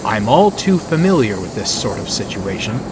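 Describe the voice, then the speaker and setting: A man's voice: lowish voice, sing-song, normal speed, very noisy. A man voicing a proud, stern male steam engine with a proper manner.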